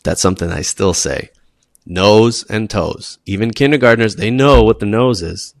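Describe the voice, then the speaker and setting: A man's voice: lowish voice, normal speed, vocal fry, no echo. Pe teacher guy explaining tips, emphatic, keeps saying okay, dead dry mic. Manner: emphatic, checks in with frequent "okay?"; animated, acts out students and teachers.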